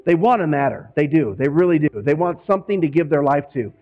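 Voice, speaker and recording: A man's voice: a little high, expressive, fast talker, highs cut off. A man preaching as a pastor in a conversational way, from Northwest Indiana, slipping into quoted voices now and then. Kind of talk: sermon.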